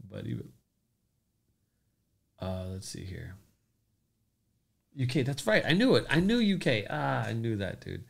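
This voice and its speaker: A man's voice: fairly low pitch, creaky. A man hosting a crypto livestream in a casual chat, loosely joking and greeting commenters by name.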